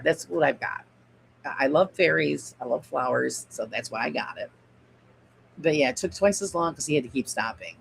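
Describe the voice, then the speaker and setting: Gravelly-voiced chatty craft host woman. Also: sits low, slight background noise, rough recording. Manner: chatty, rambling, reads out and answers viewer comments. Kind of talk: casual craft livestream chat.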